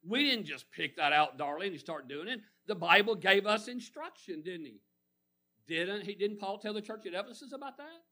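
Male preacher, high piercing tone, call-and-response delivery with surging emphasis. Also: animated, normal speed, bright, forceful tone. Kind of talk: sermon.

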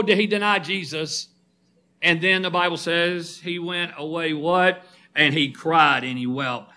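A man's voice: high-pitched, pushed and bright. A middle-aged male preacher giving a sermon, emphatic, firing questions at the congregation and calling listeners by name.

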